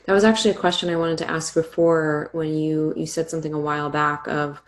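A woman hosting a podcast, asking loose questions with many ums and giving soft backchannels. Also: low-pitched, level tone, fast talker. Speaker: podcast host. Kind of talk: casual podcast interview.

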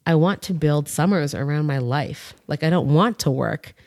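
A woman in her thirties hosting a podcast, chatting frankly and telling animated stories, swearing freely. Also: low voice, normal speed. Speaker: podcast host. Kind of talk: casual chat.

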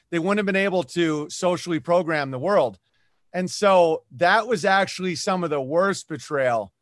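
A man's voice: fairly high pitch, a bit bright, dry recording, studio quality. A man, a comedian, talking in a casual podcast chat, ranting animatedly and mocking the people he quotes. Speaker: comedian guest.

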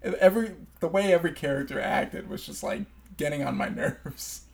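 A man's voice: a little high, moderate pace, creaky. A man co-hosting a film podcast, giving blunt, emphatic opinions with frequent laughs. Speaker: podcast co-host. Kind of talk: casual film review chat.

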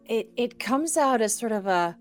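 A woman's voice: on the high side, animated, moderate pace, faint music behind. A woman running a tabletop game as game master, describing scenes with restarts and searching for words.

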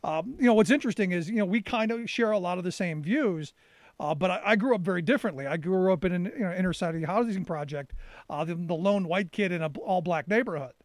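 A man's voice: high voice, quick pace, dry recording. A man hosting an interview, asking questions eagerly and often restarting his sentences. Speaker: interview host. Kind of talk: casual interview chat.

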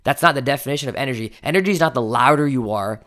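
A man with a mid-range, slightly bright voice races through an instructional talk on his coaching podcast. He varies his pace, leans on key words, and sometimes counts items aloud to himself.

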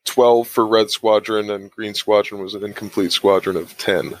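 A man's voice: on the low side, steady tone, moderate pace, no room sound. A man guesting on a podcast in casual chat, knowledgeable and precise with details.

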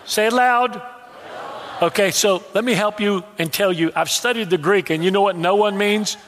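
A man's voice: high-pitched, moderate pace, in a large hall, slight background noise. A man preaching a sermon as pastor, telling stories with humor and stumbling restarts. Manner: animated, humorous storytelling with repetitions and stammered restarts. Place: church hall.

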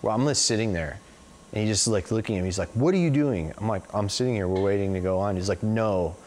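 A man in his forties answers interview questions, loosely telling long stories full of "like" and "you know." His low-ish voice is steady and fast, with a little hiss or hum in the recording.

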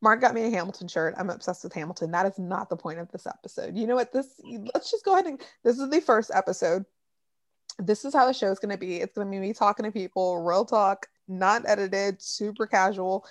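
A young adult woman hosting a casual podcast from home, chatty and quick to cut in with asides and swearing. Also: mid-range voice, no room sound, studio quality. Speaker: podcast host.

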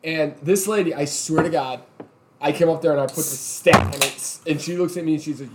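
A man who works as a tax accountant, ranting in animated, exasperated casual chat. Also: fairly high pitch, brisk, very noisy.

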